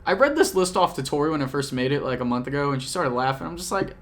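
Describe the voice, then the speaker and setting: A man's voice: on the high side, fast talker, few pauses, fairly bright tone. A young man chatting casually to a camcorder at home, rambling and joking, often cutting himself off mid-sentence. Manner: rambling, self-interrupting, jokey. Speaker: YouTuber. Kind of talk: casual vlog recap. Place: home apartment.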